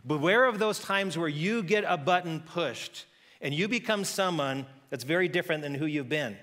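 A man preaching a sermon as pastor, telling a story in a lively conversational way and acting out the characters' voices. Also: fairly high pitch, moderate pace, in a large hall. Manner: conversational with frequent restarts.

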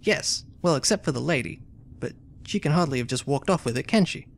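A man voicing a flustered, agitated young gentleman in a game, complaining as he talks. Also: fairly high pitch, lively intonation, fairly quick, gravelly, a little hiss or hum. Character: flustered dapper young gentleman, engaged and glum.

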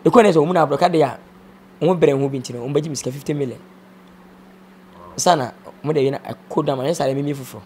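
A man's voice: on the high side, very fast, pauses often, darkish tone, a little hiss or hum. A man with a Ghanaian accent, speaking as an interview guest, subdued and mixing in English words. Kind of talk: emotional interview talk.

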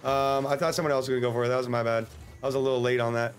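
An American man streaming a game, chatting casually in a joking, rambling way and breaking into sudden excited yelps. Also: mid-range voice, racing, slight background noise. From United States. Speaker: livestreamer. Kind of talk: casual gameplay livestream commentary.

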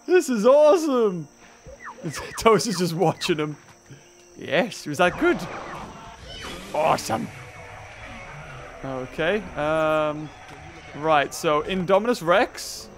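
A British man commentating on a dinosaur park game, breaking into excited shouts and laughter. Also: high-pitched, takes it slowly, long pauses, slight background noise. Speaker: gaming YouTuber. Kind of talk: excited let's-play commentary.

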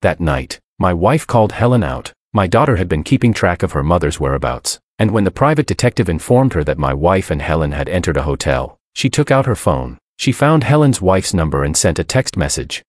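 A man telling a first-person drama story in a scripted, emotional reading. His voice is deep but swings widely in pitch. The recording is dry and close. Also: big pitch swings, fairly quick, hardly any pauses, no room sound.

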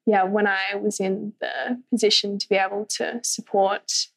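A woman's voice: medium pitch, fairly even intonation, moderate pace, creaky, a bit bright, rough recording. A young woman guest on a podcast, talking casually with many fillers and a light laugh now and then. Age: young adult.

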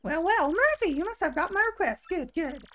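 A woman's voice: very high-pitched, lively intonation, brisk, fairly bright tone. A woman reading the lines of a forgetful, rambling old male turtle from a video game in her own voice, without doing a voice. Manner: reads the lines aloud in her own plain voice.

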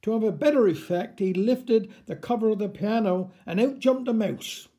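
Mellow-voiced man telling a dialect story. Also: high-pitched, normal speed. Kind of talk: reading a dialect story aloud.

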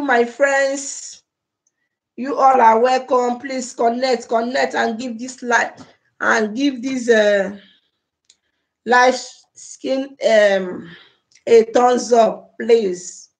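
A woman's voice: on the high side, steady tone, slow pace. A Nigerian woman hosting a casual livestream on a phone or laptop mic, repeatedly pleading with and effusively thanking her viewers. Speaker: livestream host.

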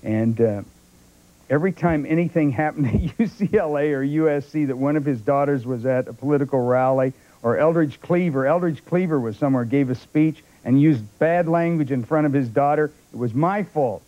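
On a talk show, an older film actor speaks at normal speed in a slightly high voice, telling anecdotes. He acts out others' voices with animated flair, and the audio is dull lo-fi broadcast tape.

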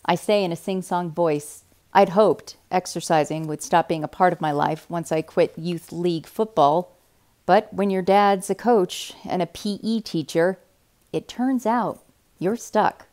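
Female reader with a slightly low voice; calm, hushed read-aloud of a teen novel. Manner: quiet, measured first-person narration.

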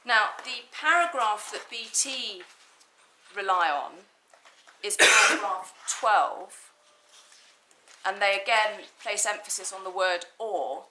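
Bright-voiced woman arguing in court. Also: medium pitch, a little hiss or hum, low-quality recording. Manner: measured, precise, stresses key words. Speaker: barrister. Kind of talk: formal legal argument in court.

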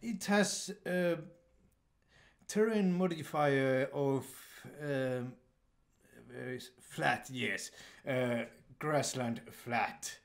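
A man's voice: mid-range voice, gravelly. A young man giving casual, hesitant commentary while playing a game, full of fillers. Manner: hesitant, many fillers, slow. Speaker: let's play gamer.

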